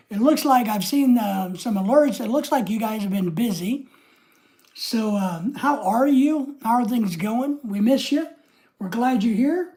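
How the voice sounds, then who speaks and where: An older man with a high-pitched yet darkish voice hosts a casual livestream. He rambles while reading viewers' comments aloud and greeting them by name.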